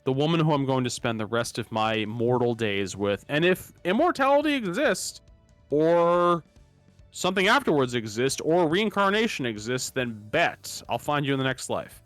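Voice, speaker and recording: A man's voice: mid-range voice, normal speed, no echo, faint music behind. A man co-hosting a live stream in casual chat, rambling and laughing often. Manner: rambling, animated, laughs often, restarts words. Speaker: streamer co-host.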